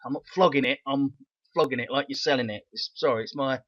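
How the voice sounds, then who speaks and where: A man's voice: mid-range voice, fast talker, a bit bright, no echo. A man with a Cockney accent and a rattly voice, hosting a casual vlog with an enthusiastic, rambling manner. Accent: London Cockney. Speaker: crypto channel host. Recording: dull, lo-fi dry sound.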